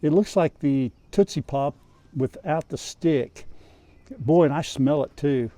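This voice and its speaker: A man's voice: on the high side, a little slow, mellow, no echo, rough recording. Chatty older man on a farm. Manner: chatty, talks to his dogs and the snake. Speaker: farm vlogger. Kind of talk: casual outdoor vlog. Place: outdoors on a farm.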